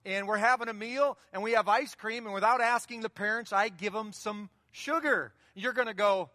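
A man with a high, pushed, bright voice preaches a sermon as pastor at a moderate pace, conversationally repeating key phrases in a church sanctuary. The sound is clean and studio-grade, yet carries the long reverb of a large hall.

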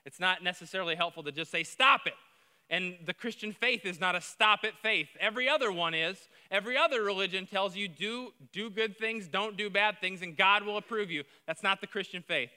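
Male pastor, high bright voice, emphatic sermon delivery with big loud-soft swings, long hall reverb. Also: a little fast, hardly any pauses, clean tone.

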